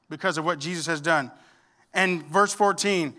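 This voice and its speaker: A middle-aged man, preaching a sermon with emphatic swings between loud declarations and quiet asides. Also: fairly high pitch, normal speed. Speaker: pastor.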